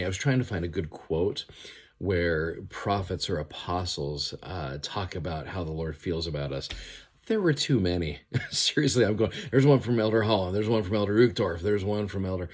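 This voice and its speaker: A man with a deep, breathy-edged voice and lively intonation speaks at normal speed as a scripture teacher. In an earnest, casual, heartfelt devotional commentary, he reads verses aloud with rising emphasis and then explains them.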